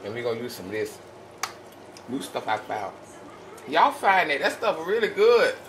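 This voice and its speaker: In his home kitchen, a tired man runs a relaxed cooking demonstration for his channel, folksily addressing viewers as "y'all." His voice is a little high and sing-song at normal speed, captured at a distance with echo and a noisy background.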